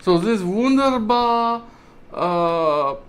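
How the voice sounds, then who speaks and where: A man hams up a boastful German character, all clumsy mock German accent and pride. The voice jumps well above his usual pitch and gets strained and comic. It sounds like a playful put-on. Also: animated, slow. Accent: mock German, put on badly.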